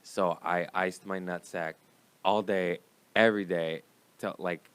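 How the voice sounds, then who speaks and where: Deep-voiced man telling a rambling story. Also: a little slow, clear, resonant tone, dry recording. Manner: rambling, profane, animated storyteller. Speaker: comedian guest. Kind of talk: casual storytelling chat.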